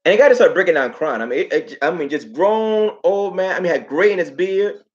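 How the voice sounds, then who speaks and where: A man hosting a casual livestream talk, telling stories with lots of repeated phrases and animated asides. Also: high-pitched, fairly quick, lo-fi sound. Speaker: host.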